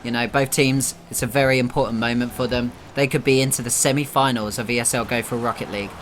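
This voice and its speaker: A man from the United Kingdom casting a live esports match, chatty between plays and bursting loudly at every goal. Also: mid-range voice, fast, slight background noise. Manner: excitable, jumps up loudly at goals, chatty asides. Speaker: esports caster. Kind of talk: live play-by-play commentary.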